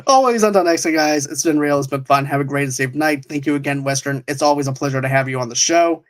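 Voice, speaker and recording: A man's voice: on the high side, fast talker. A man hosting a podcast in casual chat, rambling and restarting his sentences with frequent chuckles. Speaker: podcast host.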